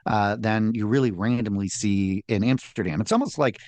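A man's voice: lowish voice, normal speed, darkish tone, no echo. A man co-hosting a casual podcast, chatting wryly with frequent ums. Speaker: podcast co-host. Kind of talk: casual chat.

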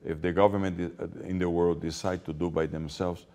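A man, a guest speaking earnestly and haltingly. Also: sits low, level tone, darkish tone. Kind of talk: interview.

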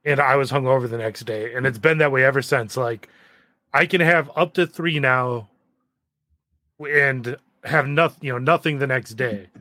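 Bright-voiced man in his thirties. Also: mid-range voice, normal speed, dry recording, studio quality. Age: 30s. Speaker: podcast co-host. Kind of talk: casual chat.

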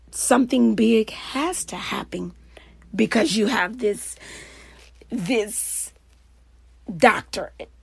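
Woman, coach, motivational talk, animated, frequent laughs, dry close sound. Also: a little high, dry recording. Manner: lively, anecdotal, laughs often.

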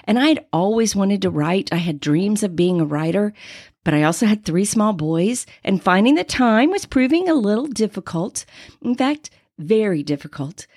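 Woman, 60s, podcast host, lively storyteller, dry close mic, faith talk. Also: medium pitch, normal speed, no room sound. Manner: animated personal storytelling. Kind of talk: faith-based podcast monologue.

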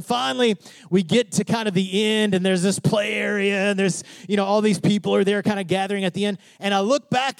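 A man's voice: sits high, gravelly, no room sound. A pastor preaching to his congregation, asking questions and building to fervent emphasis. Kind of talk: sermon.

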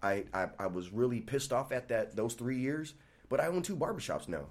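A man in his thirties, talking casually on a podcast about running his barbershops. He tells his stories with energy and slips into quick impressions of the people in them. His voice sits in an ordinary middle register. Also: medium pitch. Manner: animated storyteller acting out quoted dialogue. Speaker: barbershop owner, podcast guest.

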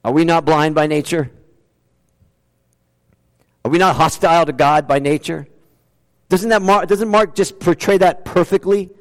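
Preacher guy, kinda high voice, lots of rhetorical questions, big ups and downs, echoey hall. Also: unhurried, pauses often. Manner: animated preaching with rhetorical questions and sudden swings in pitch and loudness. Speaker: pastor. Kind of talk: sermon. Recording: long hall reverb.

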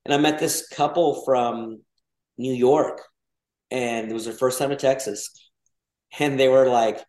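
A man from Mexico talking in a relaxed podcast chat, midrange in pitch. He rambles, doubles back on his words and leans on fillers. The room around him rings with a noticeable echo. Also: moderate pace. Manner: rambling, many restarts and fillers. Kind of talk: casual podcast conversation. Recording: roomy echo.

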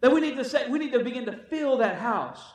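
A very high-pitched male preacher moves briskly through his sermon with lively intonation, repeatedly urging listeners with "come on" and acting out the quotes in his story. The sound is distant, recorded across an echoey room.

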